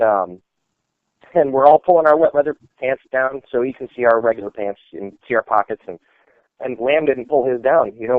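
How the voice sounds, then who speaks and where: In a mid-range voice, a man who served in the army spins casual, wandering anecdotes, leaning heavily on "like" and "you know." The audio has no echo and sounds tinny and dry, like a phone call.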